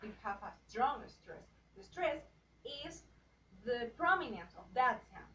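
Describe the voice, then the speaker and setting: Woman w/ as giving a slow lesson, kinda high voice, far from the mic in an echoey room. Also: sing-song, sharp tone. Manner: halting, with restarts and repeated example words. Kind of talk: slow class presentation on phonetics. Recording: dull, roomy audio from far off, faint noise.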